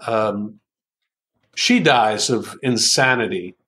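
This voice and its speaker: A man's voice: fairly low pitch, animated, takes it slowly, sharp tone. An older American man, an author and writing coach, talking through examples in a conversational interview, thoughtful and hesitant with frequent ums, lingering over quoted lines.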